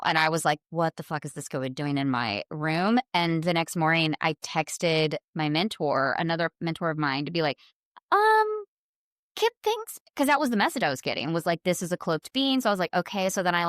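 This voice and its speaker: A woman guest telling a personal story in a casual, animated way, jumping up in pitch when she quotes people. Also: clean tone, dry recording, studio quality. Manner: animated, voices quotes in a high excited pitch. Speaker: podcast guest, spiritual healer.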